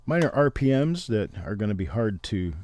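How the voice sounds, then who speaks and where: A man's voice: lowish voice, sing-song, moderate pace, darkish tone. A middle-aged man hosting a casual livestream, chatting and explaining things to his viewers. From Missouri, Oklahoma and Memphis, Tennessee. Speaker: livestream host.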